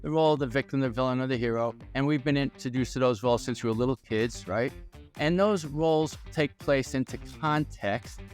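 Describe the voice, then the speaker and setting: A man's voice: mid-range voice, fairly quick, soft background music. A man in his sixties with a New York accent, telling stories and asking rhetorical questions as a podcast guest. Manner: energetic, storytelling, rhetorical questions. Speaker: guest, employment attorney. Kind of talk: podcast interview.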